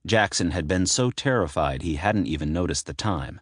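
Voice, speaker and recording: A man narrating a dark romance audiobook in a measured, dramatic reading. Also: low-pitched, expressive, breathy edge, no room sound, clean studio sound. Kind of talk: scripted narration.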